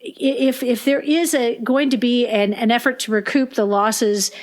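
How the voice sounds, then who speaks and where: A woman school librarian with a high, bright-sounding pitch talks on a podcast. She tells stories with animation, acting out parents' complaints. She often trips over and restarts her sentences as she goes. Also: steady tone, normal speed. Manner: frequent restarts and repeated words. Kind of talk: podcast conversation.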